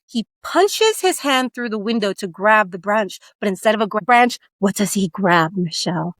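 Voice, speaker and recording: A woman co-hosting a podcast, retelling a book's plot in a lively, dramatic way and slipping into the characters' voices. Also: mid-range voice, normal speed, dry recording. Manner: lively storytelling that acts out the scenes. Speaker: podcast co-host. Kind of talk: casual book discussion.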